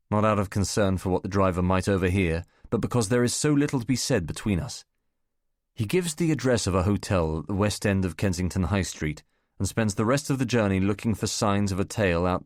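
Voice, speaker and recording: A man reading a first-person spy novel as an audiobook narrator, measured and wry. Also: sits low, no echo, clean studio sound.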